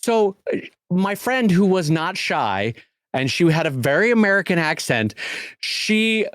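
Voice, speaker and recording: A man with a fairly high, very lively voice co-hosts a podcast in relaxed conversation. He is an animated storyteller who acts out the people he quotes. The recording is close and dry, with no room sound. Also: measured pace, no room sound. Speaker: podcast co-host. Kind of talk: casual podcast chat.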